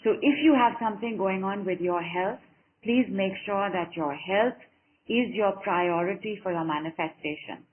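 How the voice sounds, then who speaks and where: A woman leads a group session over a call, warm in her encouragement and fond of repeating a line over and over. Her voice comes through thin and phone-like, and it sits at an ordinary pitch for a woman. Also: normal speed, a little hiss or hum. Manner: encouraging, affectionate, repeats phrases rhythmically. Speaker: spiritual coach leading a group call. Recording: narrow phone-like call audio.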